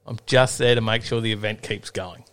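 A man's voice: on the low side, steady tone, brisk, fairly bright tone, clean tone. A middle-aged Australian man co-hosting a casual live-stream chat, joking and laid-back, with lots of ums and repeats. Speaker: co-host.

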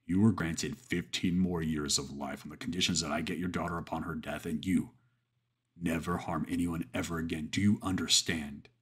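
A man voicing Satan, a towering, goat-headed devil who speaks in slow, cold, commanding pronouncements. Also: steady tone, slightly rough. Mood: stern. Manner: slow, measured, booming pronouncements.

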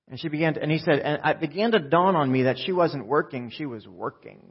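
A man's voice: a little high, fast, few pauses, husky, muffled recording. A man preaching a sermon, telling a story with quoted voices and asides to the congregation. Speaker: pastor.

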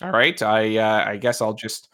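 A man's voice: on the low side, animated, normal speed, pushed and bright. A man voicing a hesitant, easygoing male guard lieutenant who stumbles over his words. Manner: hesitant, filler-heavy speech.

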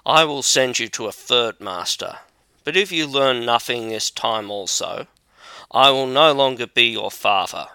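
A man's voice: mid-range voice, expressive, measured pace, vocal fry, bright, forceful tone, clear, resonant tone, no room sound, heavily acted. A man doing a scolding aged nobleman. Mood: stern. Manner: scolding and stern. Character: angry aged count, a harsh father.

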